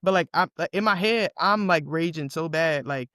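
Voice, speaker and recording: A woman from the Southern United States, co-hosting a podcast and telling stories in an animated, profane, chatty way. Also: low voice, moderate pace, no room sound, clean studio sound. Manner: self-described yapper, animated and profane storytelling. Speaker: podcast co-host. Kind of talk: casual chat.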